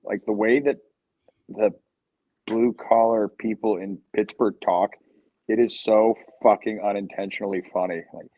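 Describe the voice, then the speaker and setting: A man's voice: fairly low pitch, steady tone, normal speed, no room sound, narrow, tinny audio. A man in his thirties from Ohio, talking as a podcast guest in a rambling, profane, joking way. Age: 30s. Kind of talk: casual podcast chat.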